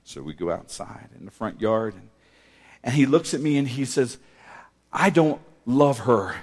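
Animated pastor in a reverberant church. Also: male voice, lowish voice, moderate pace, gravelly, breathy edge. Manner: animated, swings from hushed to loud, laughs often. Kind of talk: sermon storytelling. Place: church sanctuary.

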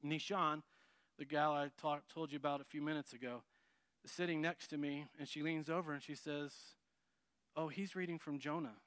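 A man telling a personal testimony story, acting out quoted lines and dropping low for asides. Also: fairly quick, clear, resonant tone, no room sound. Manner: lively narration, acts out quotes, drops to a low murmur for asides.

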